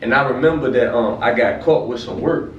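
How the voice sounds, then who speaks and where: A man from the Midwest spins animated, profane stories and jumps up in pitch when he quotes people. His mid-range voice sounds far from the mic in an echoey room. There is a faint layer of background noise. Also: brisk, highs cut off. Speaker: vlog host. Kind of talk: casual conversation.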